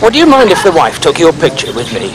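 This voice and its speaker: A man's voice: fairly high pitch, wildly swooping pitch, fast, a crowd in the background, rough recording. A man playing an awkwardly friendly, chatty pub landlord who quizzes a visitor.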